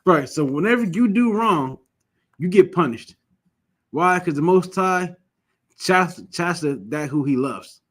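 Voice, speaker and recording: A man with a slightly high voice teaches a scripture class. He speaks emphatically and repeats himself, pushing questions at the group and telling lively stories to make his point. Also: unhurried. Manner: lively storytelling.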